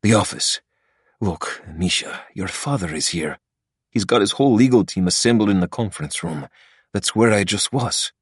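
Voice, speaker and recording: A nervous male attorney stammers and hurries to please, his voice set clearly higher than the narrator's deep tone, as a man reads him. He sounds a little out of breath and keeps the placating tone of an audiobook side character. The recording is close and dry. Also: lively intonation, moderate pace, no echo.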